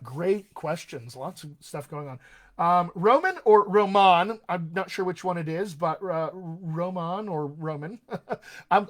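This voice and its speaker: A man hosts a live online question-and-answer session as a dialect coach. His voice sits a little higher than most men's. He talks in an upbeat, emphatic way, full of fillers and restarts. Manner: enthusiastic, emphatic, conversational with many fillers. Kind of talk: live Q&A stream.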